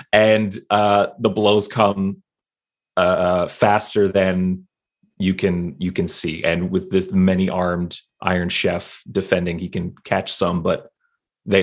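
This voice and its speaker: Very deep-voiced man playing a tabletop game. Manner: self-deprecating, halting, many fillers. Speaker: player.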